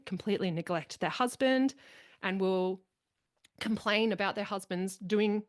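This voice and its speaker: A woman hosting a podcast in casual conversation, talking animatedly and acting out the people she quotes. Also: mid-range voice. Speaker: podcast host.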